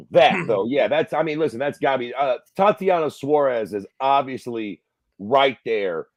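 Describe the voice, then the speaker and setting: A man's voice: medium pitch, animated, normal speed, no room sound. A man co-hosting a casual podcast, talking bluntly with a lot of swearing and crude jokes. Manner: blunt, profane and crudely joking. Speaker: podcast co-host.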